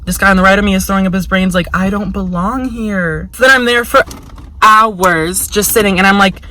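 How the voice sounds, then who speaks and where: Brisk and medium-pitched, a young woman's pushed, bright voice carries a story in her casual vlog. She's frank and chatty, swearing heavily and using lots of "like", and she switches into voices when quoting people. The recording is low quality.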